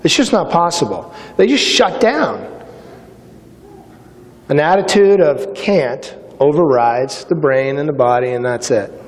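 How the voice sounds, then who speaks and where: Middle-aged male keynote speaker, animated storyteller who acts out the dialogue, reverberant hall. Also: mid-range voice, slow, long pauses. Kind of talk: motivational speech with stories.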